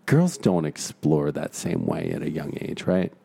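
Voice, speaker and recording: A man's voice: extremely low pitch, big pitch swings, measured pace, gravelly, warm tone, breathy edge. A man hosting a comedy podcast, teasing and crude, laughing often. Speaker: podcast host.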